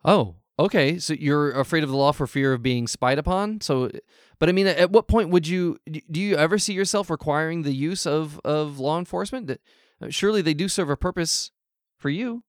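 A man's voice: fairly high pitch, brisk, dry recording, clean studio sound, natural voice. A man playing the host of an advice show, stammering and hesitant but trying to stay polite, in an improvised comedy. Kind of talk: improvised comedy role-play.

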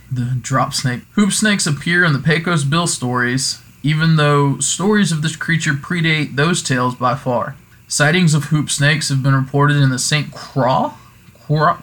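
Man, host, casual folklore talk, digressive, jokey asides, self-correcting, average pitch. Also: fairly bright tone. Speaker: podcast host.

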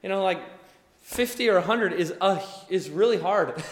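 Male preacher, high voice, lively sermon delivery, echoey hall reverb. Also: normal speed. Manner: animated, acts out quoted voices. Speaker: pastor.

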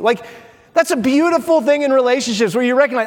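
A man preaching a sermon as pastor, telling the story with lively mock voices. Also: very high voice, quick pace. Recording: long reverb of a large hall.

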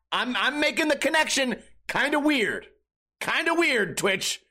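A man's voice: sits high, pushed and bright. A young man hosting a comedy podcast alone, rambling in a crude, casual way with many restarts. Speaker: podcast host.

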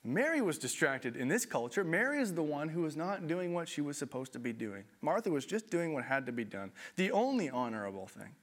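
A man preaching a sermon in a conversational, animated way, with self-deprecating asides. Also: a little high, a little fast, hardly any pauses. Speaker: pastor.

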